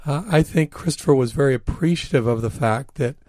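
A man's voice: mid-range voice, fairly quick, darkish tone, no room sound, studio quality. A man, an author and interview guest, telling anecdotes in an earnest, reflective way. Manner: reflective, earnest, recounts dialogue.

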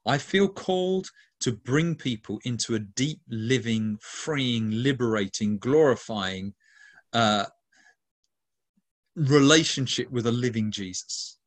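A man's voice: mid-range voice, slow. Male Catholic minister, interview answers, earnest and emphatic, stacks up lists of descriptive words.

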